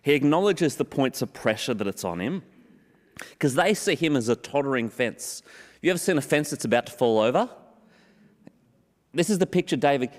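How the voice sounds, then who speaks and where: A man preaching a sermon in an earnest way, slowing down on scripture and repeating key phrases for emphasis. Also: medium pitch, lively intonation. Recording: long hall reverb.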